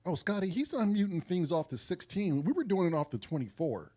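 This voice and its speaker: Playful, crude-joking man with a lively voice. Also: high-pitched, brisk. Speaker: musician co-host. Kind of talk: casual banter.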